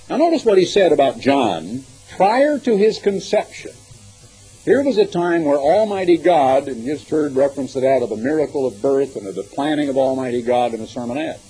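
A man's voice: medium pitch, mellow, slightly rough, rough recording. A man preaching a sermon, reading scripture aloud and commenting on it with emphatic, rising and falling delivery.

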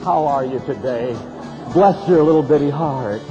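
A man's voice: medium pitch, moderate pace, music in the background, pitched below the performer's own voice, close to an everyday voice. A man voicing a mocking parody of an overly sweet male television preacher, in a sing-song way, on a dull lo-fi tape with long reverb. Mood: mocking syrup.

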